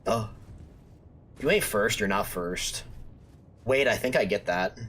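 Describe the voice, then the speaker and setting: A man's voice: on the low side, slow pace, fairly bright tone. A young man streaming a game, chatting casually with his viewers and joking, trash-talking and bantering playfully. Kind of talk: casual live-stream chat while gaming.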